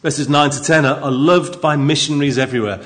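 A man preaching a sermon into a microphone in a church, emphatic and lively, with asides to the congregation. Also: on the high side, brisk.

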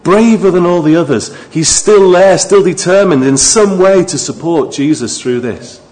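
A man preaching a sermon, moving from quiet, low asides to raised, emphatic appeals to his listeners. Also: moderate pace.

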